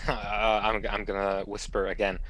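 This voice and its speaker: A man's voice: lowish voice, level tone, a little slow, fairly bright tone. A man playing a tabletop game, talking hesitantly and chuckling as he plans moves. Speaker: player. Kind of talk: casual tabletop play.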